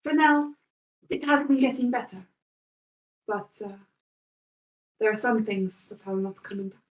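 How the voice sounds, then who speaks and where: A woman narrating a tabletop game as game master, in a relaxed, filler-heavy way. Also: fairly high pitch, measured pace. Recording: roomy, distant mic.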